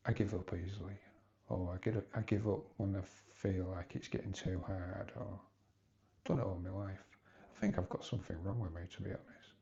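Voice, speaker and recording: Gravelly-voiced man, halting and hesitant. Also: sits low, steady tone, mellow, muffled recording. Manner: hesitant, halting, rambling with restarts. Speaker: vlogger. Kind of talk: personal confessional vlog.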